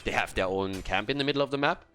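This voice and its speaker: A man casting a video game match by himself, excited at big plays and calm between them. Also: fairly low pitch, quick pace, soft background music. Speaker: esports caster. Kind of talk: solo play-by-play commentary.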